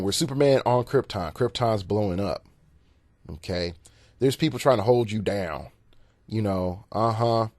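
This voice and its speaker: A man's voice: lowish voice, no echo, studio quality. A man hosting a solo podcast and coaching gamers in a rambling, casual monologue, repeating words and chuckling at his own jokes. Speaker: podcast host and game coach.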